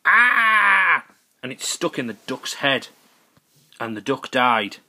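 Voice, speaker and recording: Bright-voiced man telling a goofy story. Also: medium pitch, steady tone, unhurried. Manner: goofy, rambling, self-correcting. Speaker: narrator. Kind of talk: improvised comic storytelling.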